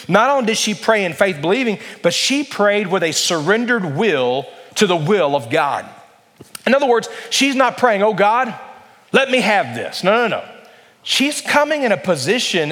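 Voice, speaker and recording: An earnest male pastor preaches with a fairly high voice, pressing his points and stretching key words for weight. His voice rings with a long reverb from a large church hall. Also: fairly bright tone. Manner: earnest, emphatic, varies pace for emphasis. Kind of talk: sermon.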